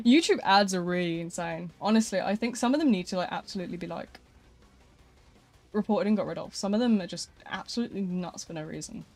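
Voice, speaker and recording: A woman's voice: on the low side, brisk, darkish tone. A woman streaming live, chatting casually and rambling with frequent laughter.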